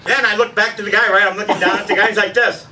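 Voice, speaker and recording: A man's voice: sits high, fairly even intonation, rapid-fire. A man doing a rambling, self-deprecating stand-up comedy set and chatting with the audience at a live show. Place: live show at a women's shelter. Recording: distant mic, loud crowd and noise.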